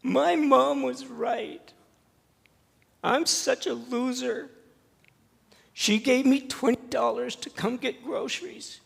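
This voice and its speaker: A man playing a sobbing, ashamed ten-year-old boy in a high, loud, despairing voice. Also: steady tone, slow pace, gravelly, long pauses, husky, heavily acted. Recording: long church reverb.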